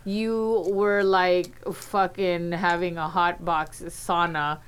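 A woman's voice: fairly low pitch, flat delivery, smooth. Blunt swearing woman on a podcast. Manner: blunt, swears a lot, quick to laugh. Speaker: podcast co-host. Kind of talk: casual drinking chat.

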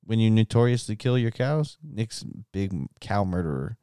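An American man co-hosting a podcast, joking around and slipping into slow droning bits and silly voices. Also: lowish voice, expressive, dark tone, clean tone, no room sound, clean studio sound. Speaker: podcast co-host. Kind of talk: casual comedic podcast banter.

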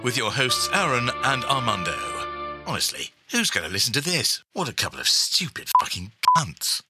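A man's voice: mid-range voice, big pitch swings, normal speed. A man giving a scripted, mock-grand podcast intro. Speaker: show intro announcer. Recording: loud music under voice.

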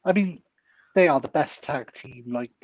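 A man's voice: fairly high pitch, moderate pace, dry recording, highs cut off. A man co-hosting a casual podcast, rambling through strong opinions. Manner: rambling, opinionated fan talk. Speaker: podcast co-host. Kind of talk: casual chat.

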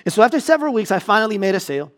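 A young adult man preaching a sermon, telling a personal story with animated delivery and repeating key lines for emphasis. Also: high-pitched, very fast. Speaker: pastor.

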